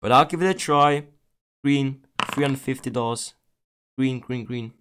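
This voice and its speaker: A man's voice: mid-range voice, unhurried, fairly bright tone, slight background noise. A young man streaming online gambling, talking casually to viewers, often pleading and swearing in exasperation.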